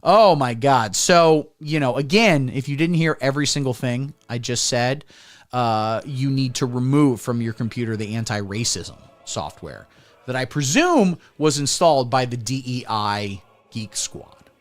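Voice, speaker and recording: A man hosting a satirical comedy livestream who rants crudely and sarcastically, swinging between mumbling and loud. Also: medium pitch, expressive, measured pace. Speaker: comedy streamer.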